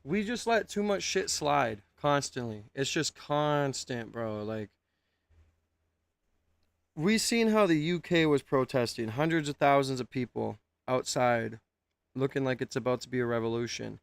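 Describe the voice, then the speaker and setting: A man with a gravelly yet smooth, resonant voice, heard close and dry. He joins the casual stream chat in a laid-back, slangy way. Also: mid-range voice, expressive, unhurried, no echo.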